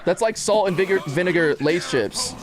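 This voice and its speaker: A man's voice: sits high, normal speed, noisy background. A young man streaming a game live, chatting casually with crude jokes and frequent laughter. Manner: animated, laughing, crude joking. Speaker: gaming streamer.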